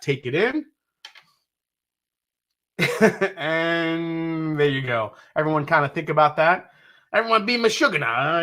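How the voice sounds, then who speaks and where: Hosting a laid-back live stream, this New Yorker speaks in a somewhat high, sharp-toned voice. He goes through viewers' comments, joking around, dropping casual curses, and laughing a lot.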